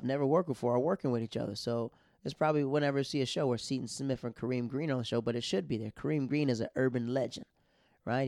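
A young man telling a comic story, animated and acting out other people's lines in louder, higher voices. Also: no echo, clean studio sound. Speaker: stand-up comedian. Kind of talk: storytelling comedy monologue.

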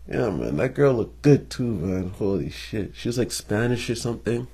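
Young guy with a deep raspy voice, slangy, curses a lot, just telling a story to the camera. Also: expressive, normal speed, few pauses, mellow. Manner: loose and profane, slangy, chuckles between lines. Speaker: vlogger telling a personal story. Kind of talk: casual storytelling monologue.

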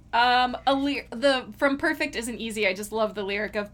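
A woman's voice: high voice, animated, measured pace, long pauses, a bit bright. A woman co-hosting a casual podcast chat, giggly and gushing as she quotes lines. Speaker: podcast co-host.

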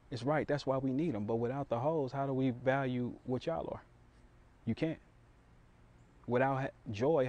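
A man's voice: mid-range voice, mellow. A man giving a blunt, provocative opinion monologue straight to his viewers. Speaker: commentator addressing viewers.

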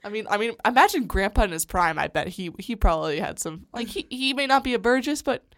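A woman's voice: medium pitch, animated, quick pace, fairly bright tone. Wry, playful woman podcast co-host. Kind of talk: casual book discussion chat.

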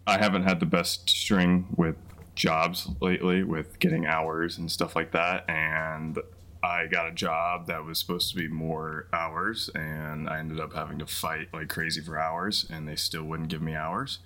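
A young man in a casual podcast chat who talks in a slow, halting way when he tells a story. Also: a bass voice, flat delivery, bright, forceful tone. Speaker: podcast co-host.

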